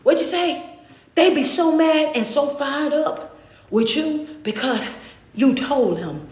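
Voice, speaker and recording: High-voiced woman preaching in a roomy echo. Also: slow, darkish tone. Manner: preachy, repetitive, rhetorical questions, laughs often. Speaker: motivational speaker. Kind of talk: animated motivational talk.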